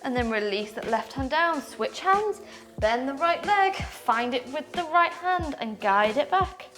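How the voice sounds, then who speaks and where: A woman's voice: high-pitched, animated, measured pace, a bit bright, soft background music. A young woman teaching a power yoga class, upbeat as she talks students through poses and counts breaths aloud while she moves. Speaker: yoga instructor. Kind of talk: guided yoga class instruction.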